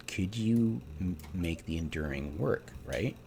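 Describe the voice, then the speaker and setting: Deep gravelly man ranting casually. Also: animated, slow pace, darkish tone, a little hiss or hum. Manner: exasperated, rhetorical questions, many ums. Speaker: game theorycrafter. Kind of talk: casual ranting commentary over gameplay.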